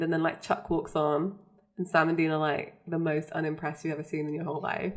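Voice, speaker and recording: A woman's voice: low-pitched, little pitch movement, quick pace. A woman co-hosting a podcast, chatting casually as she recaps a TV episode and quotes the characters. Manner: chatty, frequent fillers and laughter, quotes characters. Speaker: podcast co-host.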